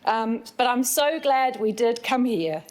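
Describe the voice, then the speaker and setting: A woman's voice: on the high side, lively intonation, a little slow. A woman, giving an earnest, at times emotional speech as a newly elected city councillor. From England. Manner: emotional, tearful at moments, earnest.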